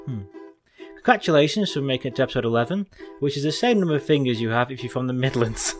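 A man's voice: mid-range voice, lively intonation, fast talker, faint music behind. A man co-hosting a podcast in casual comedic chat, giggly and self-mocking, often tripping over his words. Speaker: podcast co-host.

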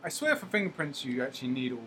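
A man's voice: mid-range voice, sing-song, quick pace, pushed and bright, a little hiss or hum. A man co-hosting a casual podcast, discussing a film in a laid-back way with joking asides. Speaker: podcast co-host.

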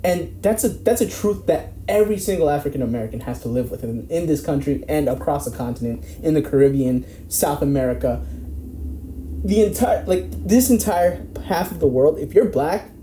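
A man's voice: a little high, expressive, normal speed, warm tone. A man in casual discussion, talking in a rambling way, with many fillers and restarts and some swearing. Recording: echoey room with faint background noise.

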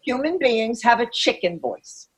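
A woman's voice: fairly high pitch, big pitch swings, rough recording. A middle-aged woman coach talking in a podcast interview, emphatic and blunt, swearing freely and acting out inner voices. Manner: acts out inner voices in quick asides. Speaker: master coach, podcast guest.

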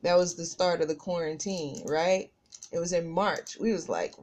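A chatty woman with a slightly low voice, telling a personal story on her podcast. She speaks casually and keeps turning to address her listeners directly. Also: normal speed, darkish tone. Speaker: podcast host.

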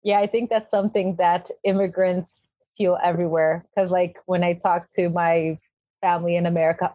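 A woman hosting a podcast interview, chatty and quick to laugh. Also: fairly low pitch, little pitch movement, dark tone, dry recording. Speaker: podcast host. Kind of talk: casual interview.

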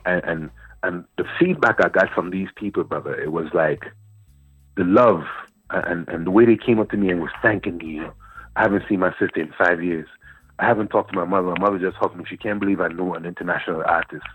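A man's voice: deep voice, fast talker, slight background noise. A man in his fifties from Antigua, a guest poet telling a long story in a radio interview, repeating words and phrases as he goes. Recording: dry phone-like radio line.

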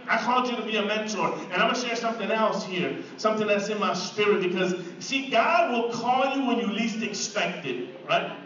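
A man's voice: high voice, fairly bright tone, a little hiss or hum. A man preaching a sermon, telling his own story in a conversational way and building to fervent praise. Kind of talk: sermon testimony. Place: church sanctuary. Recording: echoey hall from far off, muffled.

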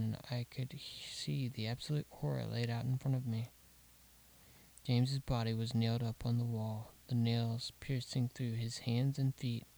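A man reading a horror story aloud, slow and deliberate, dropping to a hush at grim details. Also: medium pitch, creaky, low-quality recording. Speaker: narrator. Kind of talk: scripted horror story narration.

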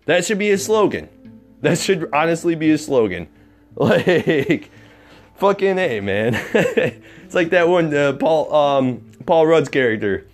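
A young man rants with a lively, swinging pitch, profane and heated, often tripping over his words and starting again. Faint music runs quietly underneath his voice. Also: measured pace. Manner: profane, heated and repetitive, with frequent restarts. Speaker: vlogger. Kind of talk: political rant.

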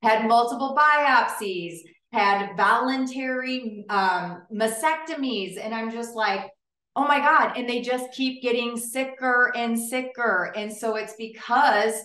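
A woman hosting a podcast interview, telling her own health story in an emphatic, animated way. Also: a little high, takes it slowly, hardly any pauses. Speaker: podcast host. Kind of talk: casual interview chat. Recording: roomy, distant mic.

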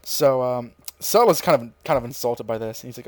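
A young man co-hosting a podcast, rambling through a casual episode recap and slipping into quick impressions of characters. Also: mid-range voice, no room sound. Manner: rambling, mimics characters' lines in quick voices. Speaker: podcast co-host.

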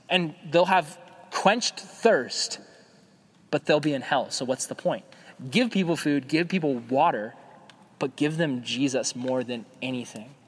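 A young adult man preaching a casual sermon as a youth pastor, conversational and animated, acting out quoted voices. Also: a little high. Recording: long hall reverb.

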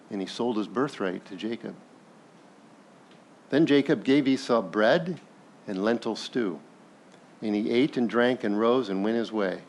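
A male pastor preaching a sermon in a conversational, animated way, asking the congregation questions and briefly acting out characters from the story. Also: on the low side. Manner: animated, acts out biblical characters in passing.

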